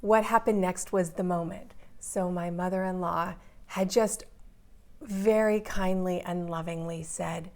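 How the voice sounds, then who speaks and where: A woman's voice: medium pitch, a little slow, a little mellow. A woman in her forties, earnestly telling a personal story in an interview and building intensity as she goes.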